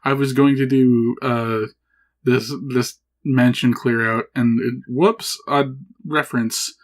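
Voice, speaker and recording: A man's voice: mid-range voice, fairly even intonation, slow. A man co-hosting a podcast in casual chat, laid-back, laughing often and swearing casually. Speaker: podcast co-host. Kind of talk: casual chat about a video game.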